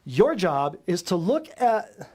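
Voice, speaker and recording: A man with a notably high speaking voice lectures a live audience as host of a natural health show. He talks bluntly and combatively, pressing his points with one rhetorical question after another. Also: big pitch swings, slow pace, darkish tone. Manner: emphatic, fires rhetorical questions at listeners.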